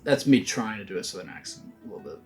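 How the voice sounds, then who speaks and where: A man's voice: lowish voice, expressive, fast, soft background music. A young man co-hosting a screenwriting podcast, chatting in a laid-back, teasing way with casual swearing. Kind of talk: casual chat.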